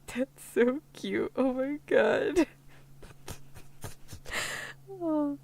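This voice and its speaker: A woman's voice: high-pitched, drawn-out words, gravelly, pauses often, darkish tone, slight background noise. A woman streamer stepping out of a whispered role-play to laugh and read out sound cues. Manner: giggly, reads sound cues aloud. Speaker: vtuber.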